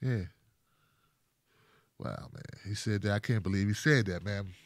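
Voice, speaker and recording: A man hosting his own show, delivering a comedic rant in animated, slangy storytelling. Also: lowish voice, measured pace, dry recording. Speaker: host.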